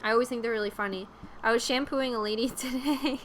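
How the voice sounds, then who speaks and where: A woman's voice: on the high side, steady tone, fast, a little hiss or hum. A young woman chatting casually on a live stream, rambling with lots of fillers and giggles.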